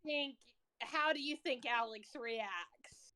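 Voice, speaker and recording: A woman playing a tabletop game casually, blunt and quick to swear. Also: fairly high pitch, bright, forceful tone. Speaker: player.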